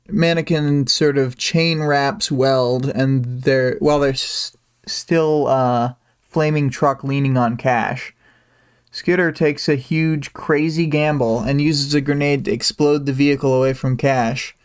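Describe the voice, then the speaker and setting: A man's voice: mid-range voice, steady tone, unhurried, clean tone. A man hosting a livestream, recapping a story chapter in a loose, casual way, with frequent ums and small asides. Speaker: livestream host.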